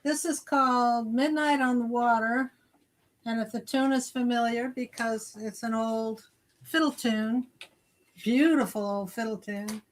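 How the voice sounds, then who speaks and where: A woman with a fairly high voice quietly introduces a tune at an online open mic. Faint clicks sound behind her. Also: fairly even intonation, a little slow, a little hiss or hum, poor audio.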